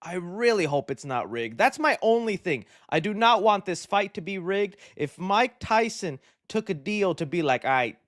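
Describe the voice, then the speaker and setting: A man's voice: high-pitched, expressive, moderate pace, few pauses, dry recording, clean studio sound. Jokey slangy man hosting a livestream. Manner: upbeat, slangy, jokey banter with chat. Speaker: movie news livestream host. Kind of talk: casual live-stream chat.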